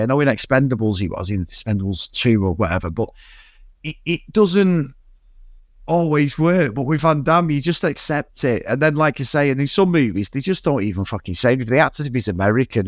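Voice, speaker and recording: A man's voice: mid-range voice, dry recording, clean studio sound. Sweary Mancunian man on a rant. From Manchester area, England. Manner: ranting, sweary, tangential. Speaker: podcast co-host. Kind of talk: casual chat.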